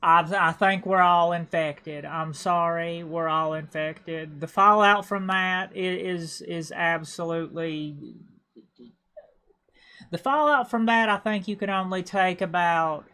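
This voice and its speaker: Rambling on her game livestream, this Appalachian woman speaks with an Appalachian accent, stammering into restarts and repeating words as she chats casually. Her voice sits fairly low, sounds pushed and bright, and moves a little slowly.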